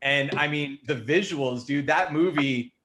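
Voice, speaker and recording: A man's voice: on the high side, measured pace, fairly bright tone. A man hosts a livestreamed panel in a slightly raised voice. He is loose, laughing and profane as he runs the matchups. A faint hum of noise sits under the voice. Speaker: host.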